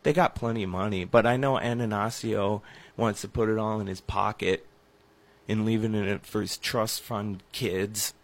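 A man's voice: on the low side, steady tone, moderate pace. A man co-hosting a sports radio show, talking in a chatty, rambling, teasing way and often interrupting. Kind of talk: casual sports radio banter.

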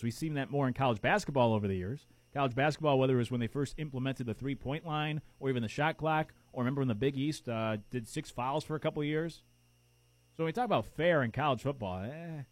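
A man's voice: medium pitch, no echo. A man hosting a sports talk show, chatty and opinionated, tossing out rhetorical questions. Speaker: sports radio host.

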